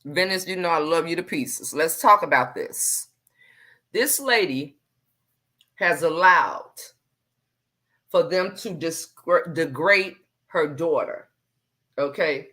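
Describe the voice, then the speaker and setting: A woman hosting a live stream, talking in a calm, measured way and repeating herself to stress her points. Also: sits low.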